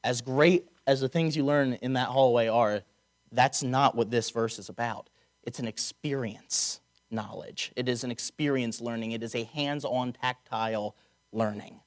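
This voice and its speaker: A man preaching a conversational sermon, slowing down to stress key words and dropping wry asides. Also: mid-range voice. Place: chapel or auditorium.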